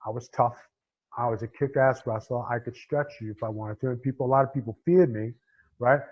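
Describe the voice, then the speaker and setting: A man's voice: medium pitch, fairly quick. A blunt, streetwise middle-aged man from Staten Island, talking in a thick New York accent. He leans on "you know" constantly and tells his stories straight. The recording is a little dull and lo-fi. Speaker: guest, former pro wrestler. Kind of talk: casual interview chat.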